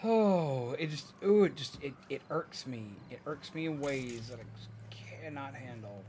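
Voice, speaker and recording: Against a noisy background, a young man with a mid-range voice rants at a moderate pace while streaming a game. He's frank and profane, animatedly imitating people in mocking voices in a casual livestream rant.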